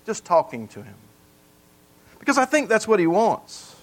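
A man's voice: sits high, huge pitch swings, normal speed, poor audio. A male pastor preaching a conversational sermon in a plain, folksy way, earnestly repeating key points for emphasis.

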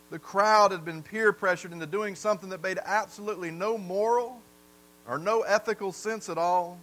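A man's voice: on the high side, pushed and bright, slight background noise, poor audio. A man from the South, preaching a sermon in a folksy storytelling way and putting questions to the congregation. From American South. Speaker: pastor.

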